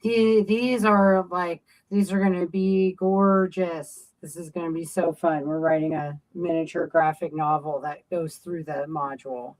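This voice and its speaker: Low-voiced woman, chatty guest. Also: steady tone, unhurried, few pauses, darkish tone, rough recording. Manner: chatty, many fillers and restarts. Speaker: game designer guest. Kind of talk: casual interview chat.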